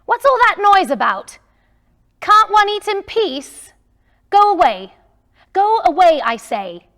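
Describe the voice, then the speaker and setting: A woman's voice: sits high, big pitch swings, takes it slowly, voice pushed up, full character voice. A woman voicing a grumpy, miserly old man who grumbles and barks at everyone in a storybook read-aloud. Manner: loud, grumbling, barking outbursts.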